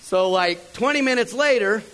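A man's voice: normal speed, poor audio. A man, telling a funny story from the pulpit and talking straight to the crowd. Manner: animated, talks to the crowd, mimics others in a higher voice. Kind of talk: storytelling sermon.

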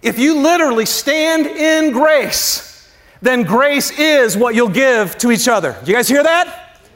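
A male pastor preaching a sermon in a loose, conversational way. He throws questions at the congregation, uses slang, and drops suddenly to a hush. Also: very high-pitched, expressive, unhurried.

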